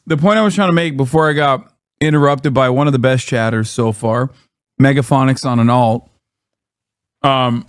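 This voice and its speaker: A man's voice: medium pitch, normal speed, smooth, dry recording, clean studio sound. A man live-streaming, ranting in blunt, profane casual commentary and mocking what he reacts to.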